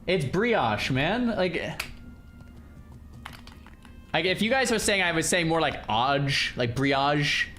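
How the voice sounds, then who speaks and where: A male streamer chatting casually with his viewers in an animated, incredulous way. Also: a little high, takes it slowly, pauses often, soft background music. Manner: animated, incredulous, talks to chat. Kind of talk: casual livestream chat.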